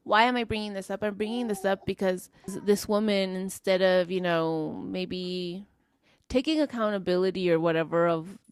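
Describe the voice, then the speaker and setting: A woman's voice: medium pitch, normal speed, smooth, no echo, studio quality. A woman co-hosting a podcast, telling a story in a casual, frank way, with lots of fillers and swearing. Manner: frank and profane, with many fillers. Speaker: podcast co-host.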